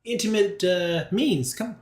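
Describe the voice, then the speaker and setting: A man's voice: sits high, unhurried. A man voicing a scheming, overly polite male prospector who talks in flowery old-timey phrases. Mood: coaxing. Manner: flowery old-timey speech, hesitant restarts. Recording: roomy echo.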